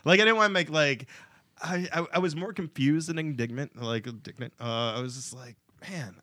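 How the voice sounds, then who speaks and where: A man's voice: fairly high pitch, normal speed, sharp tone, dry recording, clean studio sound. Laughing, rambling man. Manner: rambling, laughing, full of fillers. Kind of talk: casual storytelling chat.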